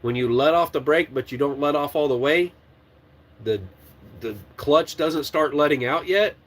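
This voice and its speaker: A man's voice: fairly high pitch, normal speed. A man who trains truck drivers, telling a story casually. He swears freely and laughs as he talks. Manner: animated, swears and laughs while retelling.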